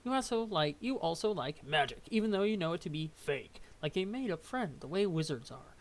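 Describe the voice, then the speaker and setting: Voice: mid-range voice, big pitch swings, a little fast. Casual webcomic reader full of asides. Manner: reads with stumbles, asides and laughs. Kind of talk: casual read-aloud of a webcomic.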